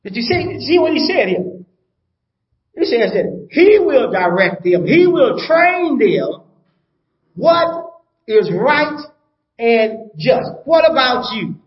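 Older guy preaching, kinda high voice, keeps asking "you follow me", echoey muffled room. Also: big pitch swings, a little slow. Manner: emphatic, repeats points, asks the congregation rhetorical questions. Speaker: pastor. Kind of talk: sermon.

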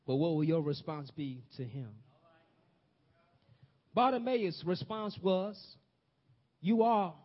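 A man preaching a sermon, questioning the congregation and rising to shouts. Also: sits high, dull audio.

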